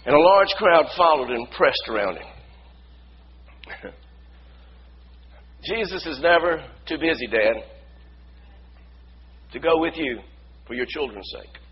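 High-voiced preaching man, dull recording. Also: expressive, takes it slowly, long pauses, breathy edge. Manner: impassioned preaching, building to shouts. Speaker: pastor. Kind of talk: sermon.

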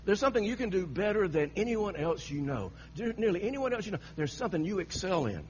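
A man's voice: high voice, big pitch swings, quick pace. A man preaching a sermon, telling a story with frequent laughter and repeated phrases, on a dull lo-fi recording with a faint hum.

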